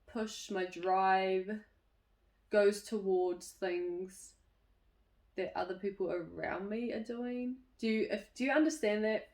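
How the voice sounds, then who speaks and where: A woman's voice: medium pitch, darkish tone, reverberant. A woman hosting a community chat series, talking openly about her own life in a candid, reflective way, often laughing and restarting her thoughts. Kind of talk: personal reflective talk to camera.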